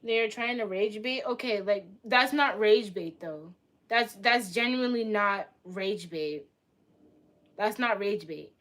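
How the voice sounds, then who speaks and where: A woman's voice: mid-range voice, takes it slowly, fairly bright tone. A young woman livestreaming, reacting in a heated, profane rant and repeating herself, in casual live-stream talk.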